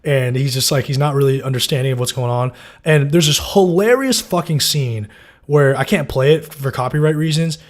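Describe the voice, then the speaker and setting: A man's voice: medium pitch, moderate pace. A man giving a loose, casual breakdown of TV episodes, full of fillers and swearing. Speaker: TV show recapper.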